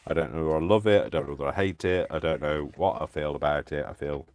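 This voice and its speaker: A man's voice: extremely low pitch, steady tone, fast, a little mellow, a little hiss or hum. A man hosting a live crafting stream, chatting playfully and giggling as he works. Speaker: craft channel host. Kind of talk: casual live-stream chat while crafting.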